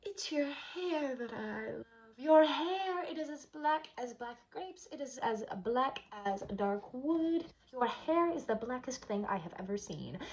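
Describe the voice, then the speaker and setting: Woman doing an infatuated young princess, gushing, obsessive, breathless, highish voice, casual vlog retelling. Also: animated, unhurried, hardly any pauses. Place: hotel room.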